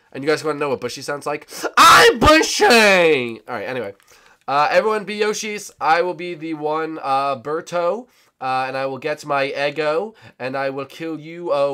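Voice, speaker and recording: A young man hosting a gaming channel, giving excitable, teasing commentary with sudden shouts. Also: mid-range voice. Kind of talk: casual game commentary.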